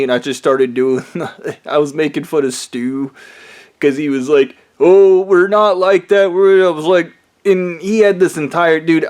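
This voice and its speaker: A man rants into the camera in a rambling, profanity-heavy monologue, sounding bitter and aggrieved. His voice sits somewhat high for a man. He swears often and doubles back mid-sentence. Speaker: vlogger. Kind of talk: ranting monologue.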